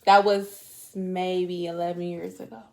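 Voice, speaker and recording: A woman's voice: fairly low pitch, flat delivery, measured pace, vocal fry. A woman guest in a casual chat, laid-back, giving short reactions and candid personal asides.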